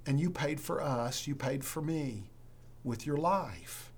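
A man preaching a sermon as a pastor to a church congregation, earnest and emphatic, with dramatic pauses, then leading a prayer. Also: a little high, expressive, husky.

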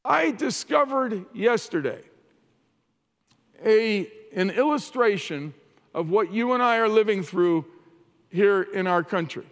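Earnest male preacher in a reverberant hall. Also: high-pitched. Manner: earnest preaching with frequent restarts and repeated words. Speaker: pastor. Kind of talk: sermon.

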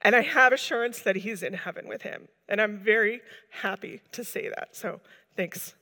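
A woman shares a heartfelt testimony before a live gathering, talking earnestly and loosely with lots of "like"s. Her voice has a bright, sharp edge, and it carries a long reverb off the walls of a large hall. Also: mid-range voice, normal speed. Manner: earnest, rambling storytelling with many "like"s. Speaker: church member giving a testimony.

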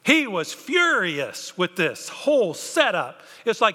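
Pastor, male, bright and high-voiced, animated sermon delivery in a reverberant sanctuary. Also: slow, few pauses. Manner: animated, acts out biblical characters' voices. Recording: long hall reverb.

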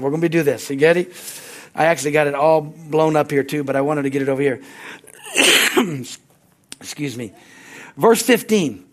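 A male pastor preaching a sermon with lots of energy, often calling out "Amen?" and restarting his sentences. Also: a little high. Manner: restarts and repeated words.

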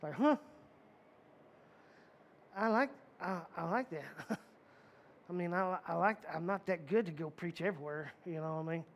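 A man preaches a casual, folksy sermon in a high-pitched voice. He talks emphatically, repeats key phrases for effect and often restarts his sentences. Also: unhurried, long pauses. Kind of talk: conversational sermon.

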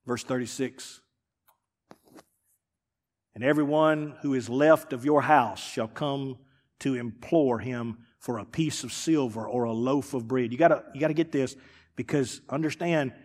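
A man preaching a sermon as pastor, swinging from loud emphatic lines to hushed, dropped phrases. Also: medium pitch, long reverb tail.

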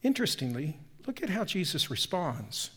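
A man preaching a sermon as a pastor, telling the story with emphatic rises and hushed drops. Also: on the high side, normal speed, breathy edge. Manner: animated storytelling, shifting from loud emphasis to hushed tones.

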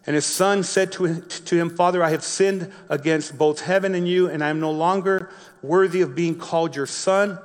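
A man preaching a sermon, reading a Bible story slowly and explaining it in his own words with frequent restarts. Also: on the high side, steady tone, long reverb tail. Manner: reads scripture slowly, then explains with repeated restarts. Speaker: pastor.

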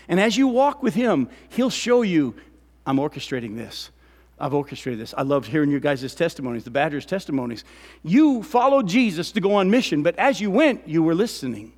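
A male pastor preaching an animated sermon, often asking the congregation questions. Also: high-pitched. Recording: long reverb of a church hall.

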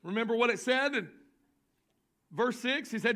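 High, bright-voiced shouting Southern preacher. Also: male voice, animated. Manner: builds to shouting, drawn-out emphatic lines. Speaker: pastor. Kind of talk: sermon. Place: church sanctuary.

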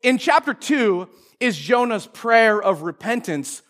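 A man preaching a sermon to a congregation as pastor, retelling a story in a lively way and acting out the characters. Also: sits high, a little slow. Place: church service before a congregation.

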